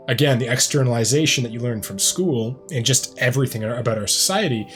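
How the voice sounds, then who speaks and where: Hosting a music reaction video, a man rambles and reflects aloud, peppering his casual remarks with "like" and "um." His mid-range voice is brisk and a bit bright, with hardly any pauses.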